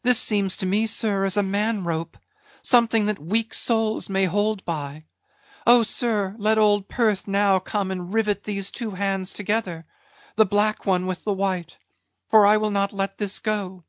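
A frightened, half-mad young cabin boy, played by a woman calls out in a sing-song voice that jumps up high and slow. The radio play sounds dull and dry, as if close-miked in a dead room. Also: steady tone, dry recording, close to an everyday voice. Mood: tender.

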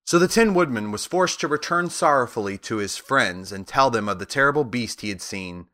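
Man reading a kids storybook, calm steady pace, dry close mic. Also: medium pitch, a little fast, no room sound. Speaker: narrator. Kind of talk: storybook audiobook narration.

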